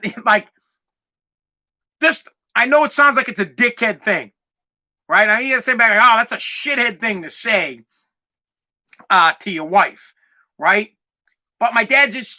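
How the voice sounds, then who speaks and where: Man, 40s, solo podcast host; high, piercing voice, emphatic and foul-mouthed. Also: sharp tone. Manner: emphatic, profane and fired-up.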